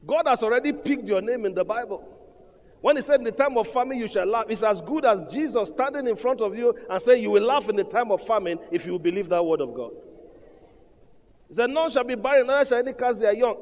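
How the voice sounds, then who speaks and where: A man preaching an emphatic sermon, calling out to his congregation. His voice sits high. The sound carries a long reverb from a large hall. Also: lively intonation, fairly quick, darkish tone. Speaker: pastor.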